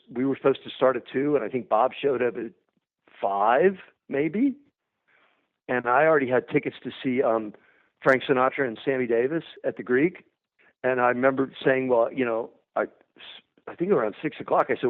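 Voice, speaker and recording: Profane, animated man on a tinny line. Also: medium pitch, moderate pace. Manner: profane, energetic, acts out dialogue. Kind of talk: animated storytelling. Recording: tinny phone-like sound.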